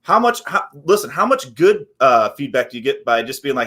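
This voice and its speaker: A man's voice: medium pitch, big pitch swings, fairly quick, bright, forceful tone, breathy edge. A man co-hosting a podcast in casual chat, rambling and slangy, acting out little scenes. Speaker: podcast co-host.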